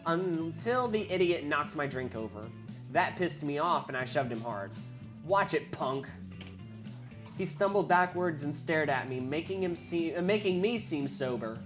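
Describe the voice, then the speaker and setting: A woman reading a visual novel aloud, wry, with asides and quick self-corrections. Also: low voice. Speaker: game reader.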